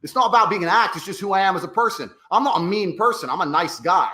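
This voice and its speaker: A man's voice: high voice, lively intonation, fast, bright, forceful tone, roomy sound. A man, talking in a brash, profane, emphatic way in a casual podcast conversation. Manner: brash, profane and emphatic, acts out others' voices. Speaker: podcast guest.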